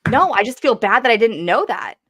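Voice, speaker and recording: A woman's voice: fairly high pitch, very animated, brisk, a bit bright. A woman co-hosting a casual livestream, chatty, laughing and swearing easily. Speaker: co-host of a livestream.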